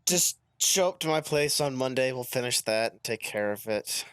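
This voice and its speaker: A man's voice: mid-range voice, expressive, normal speed, fairly bright tone, clean tone, no echo. A man co-hosting a casual podcast with friends, joking dryly and reading off lists. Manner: dry joking, reads insults off a list. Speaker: podcast co-host. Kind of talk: casual chat among friends.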